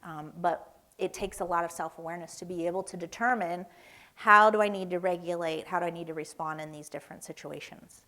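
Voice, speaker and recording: A woman's voice: on the low side, steady tone, a little fast, bright, forceful tone. Woman from Tennessee, seminar speaker in a church hall; conversational, tells stories, keeps asking "right?". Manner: conversational, storytelling, often asks "right?".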